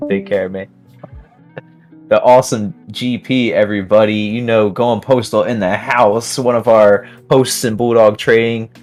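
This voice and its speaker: A man's voice: fairly low pitch, steady tone, a little slow, a little mellow, faint music behind. A man hosting a live trading stream, chatting casually while reading viewer comments aloud and laughing often. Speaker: livestream host.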